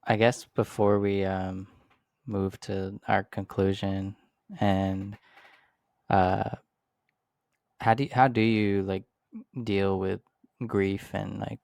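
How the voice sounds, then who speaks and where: A male podcast host asking a guest questions in a halting, hesitant way. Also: deep voice, level tone, vocal fry, darkish tone, clear, resonant tone, no echo, studio quality. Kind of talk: interview chat.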